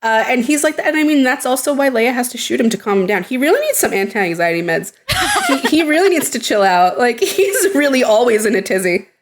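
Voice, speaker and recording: A woman co-hosting a podcast in casual chat, animated, laughing often and acting out characters' lines. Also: on the high side, brisk, slight background noise. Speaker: podcast co-host.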